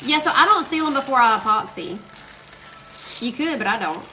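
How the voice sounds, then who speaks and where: A woman's voice: on the high side, expressive, a little fast, sharp tone, slight background noise, rough recording. A woman chatting and telling rambling stories to her live-stream viewers while she crafts. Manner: chatty, rambling storyteller, addresses viewers as y'all. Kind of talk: casual chat while crafting. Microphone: phone live stream.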